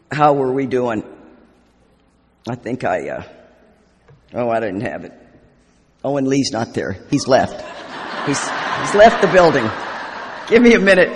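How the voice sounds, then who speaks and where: Rambling, joking woman in a hall. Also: deep voice. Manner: humorous, self-deprecating, rambling. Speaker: recovery convention speaker. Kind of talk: storytelling recovery talk. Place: convention hall. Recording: live talk in echoey hall.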